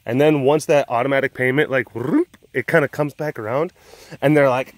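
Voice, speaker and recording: Chatting casually to camera at a big cat sanctuary, a young vlogger rambles and uses lots of fillers, dropping into a soft coo when he talks to the cats. His voice is mid-range and steady, at a normal speed.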